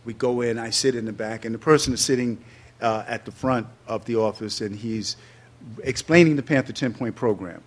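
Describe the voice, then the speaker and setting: Animated New man in his sixties. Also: normal speed. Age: 60s. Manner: lively storyteller, acts out quotes with sudden loud high bursts. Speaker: interview guest. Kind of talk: animated personal storytelling.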